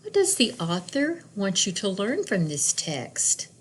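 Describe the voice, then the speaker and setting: A woman teacher reading a picture book aloud to young children, slow and expressive, pausing to imitate bird calls and ask questions. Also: medium pitch, slight background noise.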